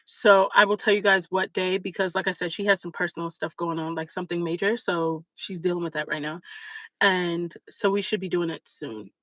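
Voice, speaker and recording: A woman hosting a livestream, telling a story in a chatty, animated way full of fillers. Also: lowish voice, a little fast, no room sound, poor audio. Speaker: livestream host. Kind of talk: casual storytelling chat.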